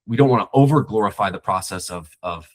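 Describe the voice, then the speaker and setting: A man's voice: fairly low pitch, fast. A man talking as a podcast guest, a screenwriter, reflective and rambling with many restarts. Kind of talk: casual conversation.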